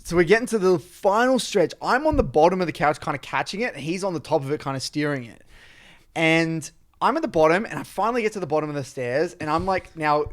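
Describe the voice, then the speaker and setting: A man spins a casual story on a podcast, his voice sitting a little high for a man. He rambles and pads his sentences with "like" as he talks it through. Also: expressive, quick pace. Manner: rambling, filler-heavy storytelling with frequent "like". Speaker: podcast co-host.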